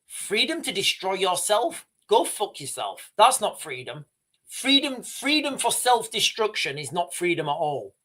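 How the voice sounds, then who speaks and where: A man streams live and comments with raw passion. His voice sits high for a man. He stumbles, restarts and swears bluntly as he talks. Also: big pitch swings, bright, forceful tone. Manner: impassioned, halting, with restarts and swearing. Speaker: livestream host.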